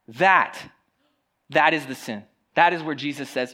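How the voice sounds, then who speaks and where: A pastor preaching a sermon in a conversational, animated way, with joking asides to the congregation. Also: mid-range voice, normal speed.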